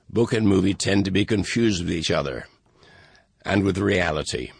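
A man, the author, reading a measured introduction to his book with a dry, wry manner. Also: sits low, gravelly, husky, no room sound. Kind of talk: recorded introduction, read aloud.

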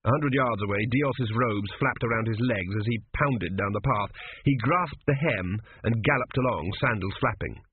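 A man's voice: on the low side, normal speed, slight background noise. Man reading a story over a tinny line. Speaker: narrator. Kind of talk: audiobook narration. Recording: dry, tinny phone-like sound.

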